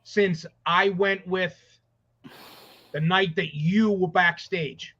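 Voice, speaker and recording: A man co-hosting a casual sports podcast, rambling excitedly and swearing as he talks. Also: sits high, takes it slowly. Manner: excited, profane, rambling with restarts. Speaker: podcast co-host. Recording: dull lo-fi audio.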